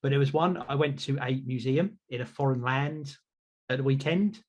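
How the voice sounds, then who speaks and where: A man's voice: mid-range voice, moderate pace, highs cut off. A man hosting a podcast, chatting casually in an upbeat, self-reflective way. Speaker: podcast host.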